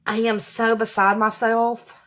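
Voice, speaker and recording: A woman's voice: on the high side, flat delivery, a little slow, a bit bright. A woman, hosting her crafting channel from home, gushing and apologetic and often sighing with emotion. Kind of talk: casual chat to camera. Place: home room with hardwood floor.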